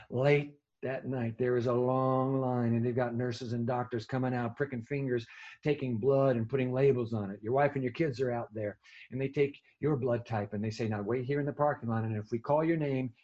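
Brief: male preacher, dark husky voice, dramatic storytelling sermon, dull lo-fi recording. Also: mid-range voice. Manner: vivid storytelling with sudden hushed drops.

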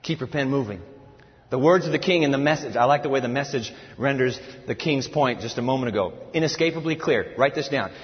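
A man preaching a sermon from scripture, emphatic and animated, telling his listeners to write things down. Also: medium pitch, fairly quick. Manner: animated and emphatic, tells listeners to take notes. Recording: reverberant hall, dull lo-fi sound.

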